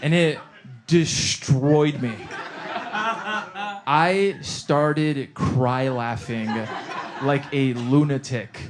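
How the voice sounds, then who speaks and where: A man doing stand-up, telling a story in an animated, profane way and laughing through his own lines. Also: medium pitch, very slow, pauses often, background noise. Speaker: stand-up comedian.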